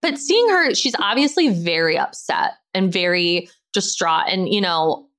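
A woman's voice: fairly low pitch, lively intonation, a little slow, fairly bright tone. Chatty woman podcast host, rambling. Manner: rambling, chatty, heavy use of "like". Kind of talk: casual chat.

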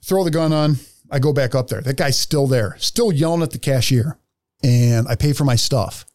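A man's voice: mid-range voice, moderate pace, a little mellow, no room sound, clean studio sound. A man telling a story in casual podcast chat, blunt and profane, acting out the other people in it. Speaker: podcast co-host.

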